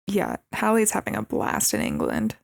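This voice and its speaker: Young woman co-host, mid pitch, fry, dry close mic, easygoing. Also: no room sound. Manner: relaxed, agreeable, quick short replies. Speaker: podcast co-host. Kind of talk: casual movie recap chat.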